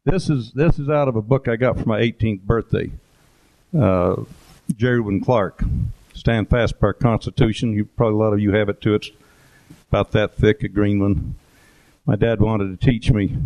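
A man's voice: fairly low pitch, steady tone, moderate pace, dark tone. Rambling man giving an anecdotal talk. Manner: rambling, anecdotal, with fillers and asides. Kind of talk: informal presentation with photos. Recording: dull lo-fi recording.

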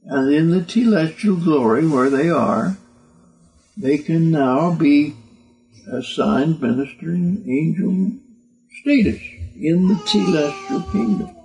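Older man, sermon, slow, halting, repeats words, earnest. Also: fairly high pitch, expressive, creaky, warm tone, low-quality recording. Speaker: religious teacher. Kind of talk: doctrinal sermon.

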